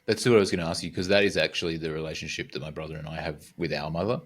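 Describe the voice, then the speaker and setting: Male podcast host, very low voice, hesitant and searching when asking questions. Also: fairly even intonation. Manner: searching, halting questions with many fillers. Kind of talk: conversational interview.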